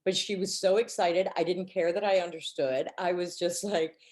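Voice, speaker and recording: A woman who is a team director co-hosts a book club, chatting casually and reading aloud while acting out the people she quotes in a raised pitch. Her voice is steady, a little mellow, and at normal speed.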